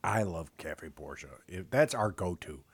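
A man's voice: deep voice, a little slow, slightly rough. A man with a Chicago accent co-hosting a podcast, chatting casually and animatedly while tasting beers and plugging local restaurants. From Northwest Indiana. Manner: animated, rambling restaurant plugs. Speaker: podcast co-host. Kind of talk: casual beer-tasting chat.

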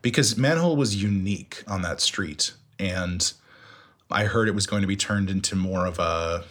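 A man's voice: low voice, moderate pace. A man guest in a casual interview, telling stories animatedly, laughing and acting out what people said. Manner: animated, laughing, acts out quotes.

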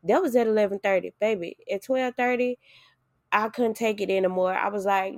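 A woman hosting a podcast, telling a personal story in casual chat, animated, acting out what people said and swearing freely. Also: mid-range voice, normal speed, no room sound, studio quality.

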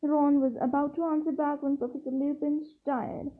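A woman reading a novel aloud, slowly, with small slips and restarts. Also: high-pitched, little pitch movement. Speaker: reader. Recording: tinny phone-like sound.

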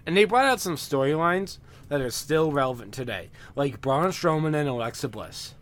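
A man's voice: on the high side, lively intonation, normal speed. A young man co-hosting a casual chat, often restarting and repeating words as he thinks. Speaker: podcast co-host.

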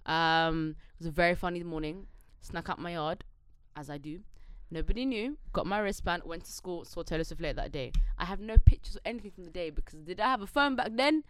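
A woman's voice: lowish voice, brisk, hardly any pauses, smooth, no room sound. A woman, co-hosting a podcast in casual, opinionated chat full of swearing. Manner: animated, opinionated, ranting with swearing. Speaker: podcast co-host.

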